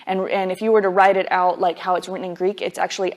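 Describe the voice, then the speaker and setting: A woman's voice: on the low side, little pitch movement, fast talker. A woman Bible teacher giving a conversational sermon, casual and emphatic, dropping frequent "like" fillers as she explains.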